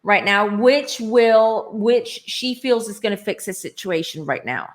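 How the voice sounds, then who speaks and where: Lady tarot reader thinking out loud, mid pitch, feels her way thru each sentence. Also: lively intonation, unhurried. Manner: searching for words, intuitive, musing. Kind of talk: casual tarot reading chat.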